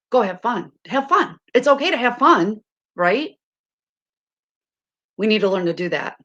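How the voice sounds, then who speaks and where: A middle-aged woman with a hoarse voice, chatting casually on a live stream to her viewers, rambling and laughing often. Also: medium pitch, fairly bright tone.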